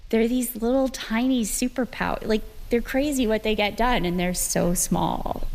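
A woman's voice: a little high, normal speed, a little mellow. A Canadian woman rancher talking earnestly about the wildlife on her land, recorded outdoors on her ranch. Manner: earnest, heartfelt. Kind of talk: casual interview.

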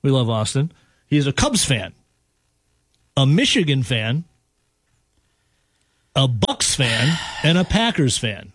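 A man's voice: mid-range voice, big pitch swings, fairly bright tone, breathy edge, no room sound, clean studio sound. A man hosting a sports radio show, teasing and joking in casual banter with his co-host and a caller. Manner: joking, teasing, quick asides. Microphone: studio microphone.

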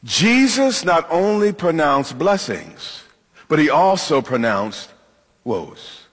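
A male pastor preaching with a husky, fairly high voice that swings widely in pitch. He leans into dramatic pauses and throws questions out to the congregation. His words ring out with a long reverb through the church sanctuary. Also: sing-song, a bit bright. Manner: emphatic preaching with dramatic pauses and call-and-response. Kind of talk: sermon.

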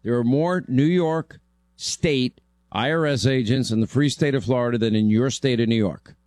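A man's voice: medium pitch, moderate pace, darkish tone, no room sound. A man hosting a talk radio show, talking bluntly and joking around with a guest.

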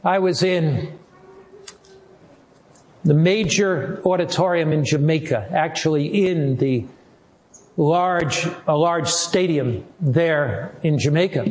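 An older man preaching a sermon as a pastor, earnest, with slow, drawn-out emphasis on key words. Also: on the high side.

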